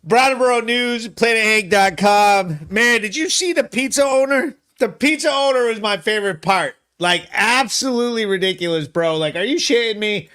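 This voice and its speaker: A man hosting his own live show alone in a studio, excitable and laughing, swearing freely. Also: high-pitched, normal speed, hardly any pauses, clean tone. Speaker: host. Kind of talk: solo live show commentary.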